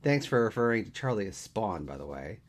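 A man's voice: on the low side, big pitch swings, fairly quick. A man doing a dry, teasing friend.

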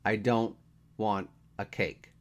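A man's voice: on the low side, steady tone, takes it slowly. A man voicing a whiny, melodramatic man about to turn thirty, in a read-aloud story. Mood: sulky. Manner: whining, theatrical.

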